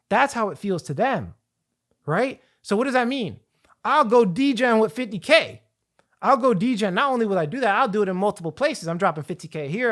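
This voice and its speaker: Hyped, rambling man pitching money tips. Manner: energetic, rambling, hype-building; repeats and restarts phrases. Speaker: online finance coach. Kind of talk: hyped talk to camera with slides.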